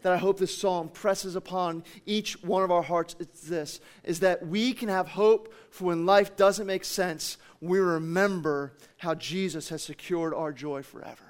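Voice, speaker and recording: A man preaching a sermon with passion, swinging between loud declarations and hushed, soft passages. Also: on the high side. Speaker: pastor.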